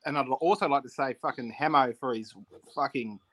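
A man rambles in casual podcast chat, filling gaps with ums and swearing. His voice is mid-pitched. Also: brisk, a bit bright. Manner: rambling, full of fillers and swearing. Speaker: podcast co-host.

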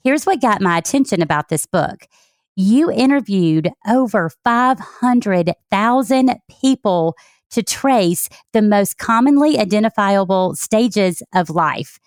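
A woman's voice: mid-range voice, animated, slow pace, no room sound, studio quality. A woman from Texas, hosting a podcast interview in an enthusiastic, effusive way. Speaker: podcast host.

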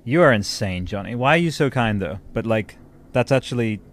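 A man from Italy hosting a podcast in casual chat, excitable and effusive, often laughing. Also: mid-range voice, brisk. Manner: excitable, effusive, bursts into laughter and loud exclamations. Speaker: podcast host.

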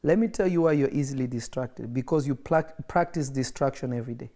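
A man's voice: mid-range voice, fast talker, dark tone. A man preaching an emphatic livestreamed sermon, repeating phrases for effect, with coughs and laughs between points.

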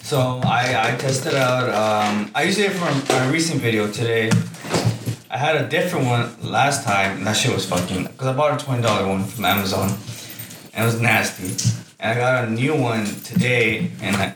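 A young man co-hosting a casual chat, swearing often and telling animated stories with frequent laughs. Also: medium pitch. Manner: profane, laughing, animated storytelling. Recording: roomy, distant mic with clear background noise.

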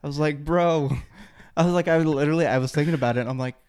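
A man's voice: a little high, rapid-fire, clean tone. Young man telling rambling stories. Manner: rambling, animated storytelling with many fillers. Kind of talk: casual chat.

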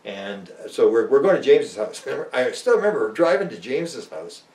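A man's voice: mid-range voice, big pitch swings, normal speed, a little mellow. An older man, a guest author rambling through stories with many restarts and acted-out quotes. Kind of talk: rambling storytelling interview. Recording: roomy and distant.

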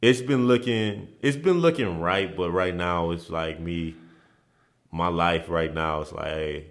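Casting: man with a very low voice, laid-back podcast guest who often restarts and repeats phrases. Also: a little slow. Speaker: interview guest, former basketball player. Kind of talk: casual storytelling in a podcast interview.

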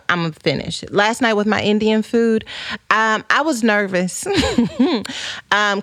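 A woman's voice: medium pitch, fairly bright tone, no echo, clean studio sound. A woman podcast host chatting casually and playfully, reading out viewer comments and rambling through folksy, church-flavored asides.

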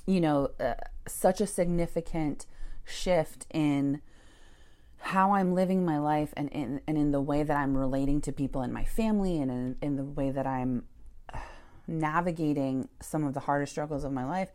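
A woman's voice: low voice, normal speed, darkish tone. A woman who founded a church, telling her story candidly in an interview, swearing and laughing as she goes.

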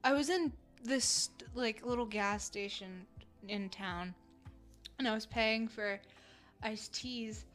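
A woman's voice: on the high side, takes it slowly, a bit bright, faint music behind. A woman co-hosting a casual podcast, telling stories in a rambling way with many fillers and casual swearing. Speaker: podcast co-host. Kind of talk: casual storytelling chat.

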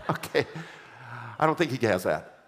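A male pastor preaches with an emphatic, repetitive cadence, calling his congregation to read along. His voice sits at an ordinary middle pitch, and it carries a long reverb from a church hall. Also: sing-song, measured pace, a bit bright, a little hiss or hum. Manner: emphatic preaching with repeated refrains; leads the congregation in reading aloud. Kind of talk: sermon.

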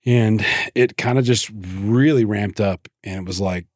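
A man's voice: fairly low pitch, a little slow, darkish tone, no room sound, studio quality. A man hosting a podcast, telling a story in loose, profane casual chat with lots of restarts. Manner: profane, rambling, with many restarts. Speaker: podcast host.

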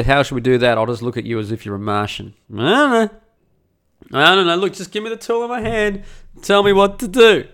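A man's voice: mid-range voice, a bit bright. A man hosting a casual solo podcast from home, talking in a rambling, profane and self-mocking way. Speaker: podcast host and blogger. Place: at home during renovation.

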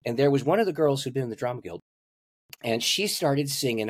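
A man's voice: mid-range voice, animated, a little fast, slightly rough, no room sound. A man, a pastor and guest, telling a story in an interview and laughing at his own stories.

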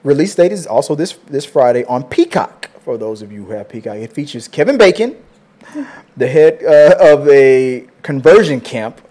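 A man's voice: medium pitch, expressive, moderate pace, warm tone. A man hosting a casual entertainment news show, chatting about new releases and reading viewer comments aloud. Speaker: show host.

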